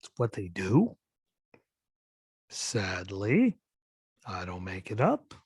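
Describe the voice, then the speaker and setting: A man's voice: low-pitched, wildly swooping pitch, takes it slowly, darkish tone, slightly rough, no room sound, clean studio sound. A man hosting a solo wrestling podcast, talking in a skeptical, exasperated rant full of "like" and "literally". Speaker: podcast host.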